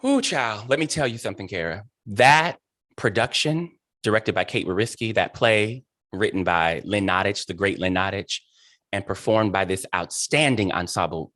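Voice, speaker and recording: A man's voice: on the low side, fairly bright tone, dry recording. Host, male, effusive and emphatic, close dry sound. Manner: gushing, emphatic, dotted with "child" and "honey". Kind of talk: effusive interview chat.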